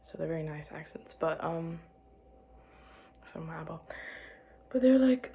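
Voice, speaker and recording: A young woman chatting to camera about her life, rambling and restarting, giggling and dropping to quiet murmurs. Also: low voice, brisk, gravelly. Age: young adult. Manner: rambling, self-interrupting, giggly, drops to murmurs. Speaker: vlogger. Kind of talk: casual chat to camera.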